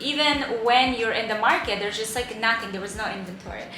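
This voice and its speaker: A woman vlogger eagerly telling a story in casual chat, with bursts of enthusiasm. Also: fairly high pitch. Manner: excitable, animated, quick bursts of enthusiasm. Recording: roomy echo, faint background hiss.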